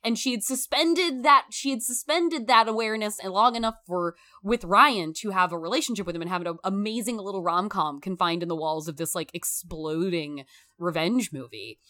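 A woman talking through a film in a casual, emphatic discussion, animated and swearing freely. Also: medium pitch, normal speed.

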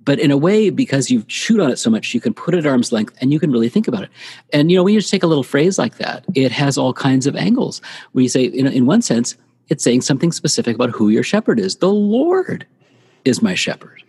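Man, podcast guest, husky voice, explanatory, long reverb. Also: mid-range voice, animated, quick pace, a little mellow. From United States. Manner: thoughtful, explanatory, repeats phrases for emphasis. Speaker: author and guest. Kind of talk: podcast interview, reflective teaching.

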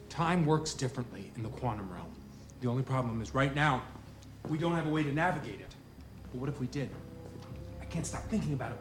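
An actor playing an awkward, excitable adult man who rambles and cuts himself off, in a film clip. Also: a little high, lightly acted. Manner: halting, self-interrupting, nervous excitement. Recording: film clip over music score.

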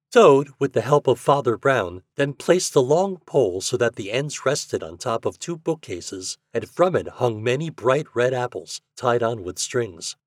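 A man's voice: mid-range voice, a little slow, few pauses, no room sound, clean studio sound. A man hosting a podcast, reading a children's story aloud and acting out the characters. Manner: expressive, acts out the characters. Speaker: podcast host and reader.

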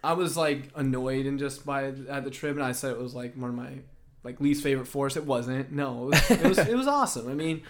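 A young man co-hosting a podcast, chatting in a relaxed, upbeat way with quick replies. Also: mid-range voice, heavy background noise. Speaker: podcast co-host. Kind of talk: casual chat.

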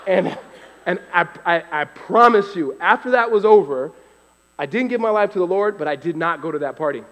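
Male storyteller, slightly high voice, animated, acting out voices, long hall reverb. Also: normal speed. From California. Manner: animated, acts out voices, laughs often. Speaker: storyteller giving a faith testimony. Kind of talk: live storytelling testimony.

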